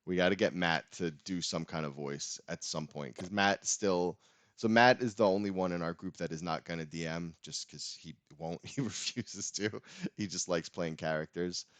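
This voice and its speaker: A man's voice: low-pitched, moderate pace, a bit bright, dry recording. A young man hosting a casual podcast chat, laughing often, rambling and swearing freely.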